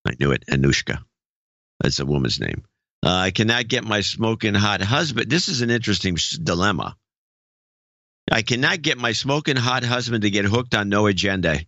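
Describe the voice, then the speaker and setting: Man, podcast co-host, low voice, dry wry asides, dull lo-fi sound, no room echo. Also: expressive, normal speed, pushed and bright. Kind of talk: casual chat, reading listener notes.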